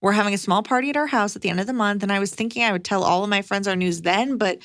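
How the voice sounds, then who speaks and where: A woman's voice: mid-range voice, very fast, fairly bright tone, no room sound, clean studio sound. A woman co-hosting a podcast, chatting agreeably and reading out a listener's letter. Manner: agreeable, encouraging. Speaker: podcast co-host.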